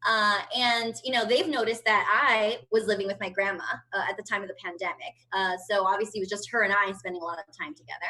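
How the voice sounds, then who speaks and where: A woman's voice: mid-range voice, fairly even intonation, fast talker, hardly any pauses, pushed and bright, poor audio. A woman in her thirties doing a brash, profane stand-up routine from home over a video call. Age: 30s. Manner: brash, profane, chatty storytelling. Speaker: stand-up comedian.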